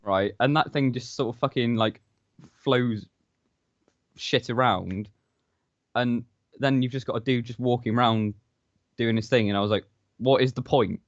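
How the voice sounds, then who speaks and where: A man's voice: mid-range voice, measured pace, long pauses, no room sound. A man co-hosting a casual podcast, sardonic and sweary, acting out little quotes as he talks. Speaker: podcast co-host. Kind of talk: casual chat. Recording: dull lo-fi mic.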